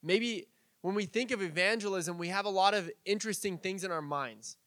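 A man's voice: high voice, a little fast, fairly bright tone, dry recording. A man preaching as a pastor in a casual, chatty way, with fillers and light laughs. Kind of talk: conversational sermon.

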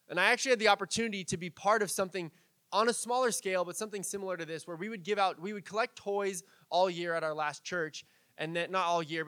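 A man's voice: high-pitched, fairly bright tone, dry recording. A man preaching as a pastor in a casual, chatty way, with fillers and light laughs. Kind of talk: conversational sermon.

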